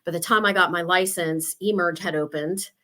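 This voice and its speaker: A woman's voice: fairly low pitch, fairly even intonation, moderate pace, sharp tone. A woman in her fifties from Ohio, a real estate agent telling her story in a chatty, casual interview. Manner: chatty, storytelling with quoted asides.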